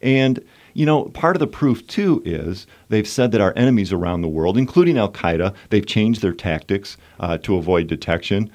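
A man hosting a political talk radio show, measured and emphatic, building to indignant points. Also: on the low side, expressive, darkish tone.

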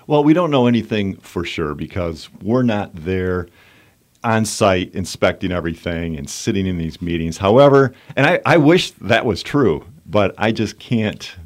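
Talk radio host, man with a lowish voice, measured but emphatic. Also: lively intonation. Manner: measured, emphatic, builds to indignant points. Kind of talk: political talk radio discussion.

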